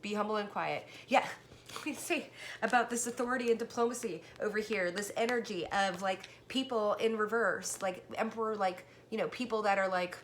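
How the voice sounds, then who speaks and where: A woman giving a casual tarot reading, chatty and excited, talking straight to the viewer and a little out of breath. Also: medium pitch, normal speed, slight background noise. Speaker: tarot card reader.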